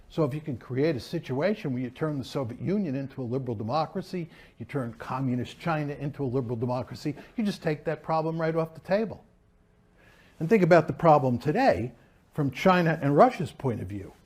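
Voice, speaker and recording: A man's voice: mid-range voice, a little mellow, husky. An older man from the United States giving an academic lecture, emphatic and shifting his pace for stress. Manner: emphatic, speeds up and slows down for stress.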